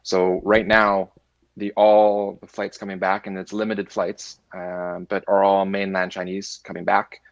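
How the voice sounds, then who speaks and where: A man with a Canadian accent, a company director answering interview questions in a measured way with frequent restarts. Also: deep voice, completely flat delivery, no echo, muffled recording. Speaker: guest, managing director.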